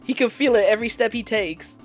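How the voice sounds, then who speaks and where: A woman streaming a game playthrough live, reacting loudly and excitably with lots of swearing and laughter. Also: a little high, fast talker, faint music behind. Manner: loud, excitable, profane, laughs a lot.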